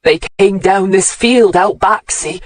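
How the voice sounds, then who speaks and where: Narrator doing a gruff old country man. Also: mid-range voice, slow pace, no room sound, voice pushed up, lightly acted. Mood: gruff, aggrieved. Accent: English West Country rural. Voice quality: rural dialect, sneering then cracking. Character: grumpy old countryman grieving his cat.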